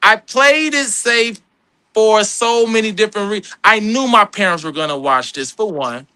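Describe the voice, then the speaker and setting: A man in his thirties with a high, bright voice tells stories as a podcast guest. He acts out the people in them with lively voices. The sound is dry and close, with no room around it. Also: normal speed, clean tone, no echo. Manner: animated, acts out quoted people in a higher voice. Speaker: guest comedian and actor. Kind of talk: storytelling in a casual podcast chat.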